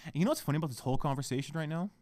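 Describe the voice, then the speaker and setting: A young man hosting a podcast, swearing heavily as he rants, going from shouting to hushed muttering. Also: fairly high pitch, very fast, no room sound, clean studio sound. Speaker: podcast host. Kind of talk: profane solo podcast rant.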